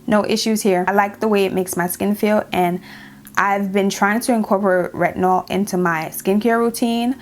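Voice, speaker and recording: A woman's voice: mid-range voice, steady tone, moderate pace, a little hiss or hum. A young woman with a New York accent chatting casually in a Q&A vlog, sassy and repeating lines for emphasis. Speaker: beauty YouTuber.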